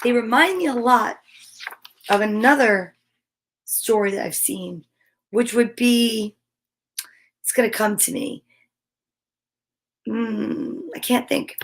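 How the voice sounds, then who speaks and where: A woman's voice: fairly high pitch, takes it slowly, creaky, long pauses. A woman hosting storytime, reading a picture book aloud with playful, chatty asides. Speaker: storytime host.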